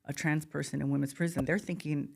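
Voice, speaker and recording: A woman's voice: deep voice, fairly even intonation, quick pace, gravelly. A woman speaking as a guest in a casual podcast conversation, impassioned and blunt, rambling with frequent restarts. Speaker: guest, former inmate.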